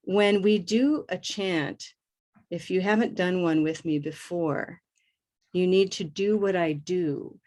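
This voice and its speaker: A woman teaching English pronunciation in a live online lesson, modeling vowel sounds slowly and deliberately with upbeat praise. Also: lowish voice, darkish tone.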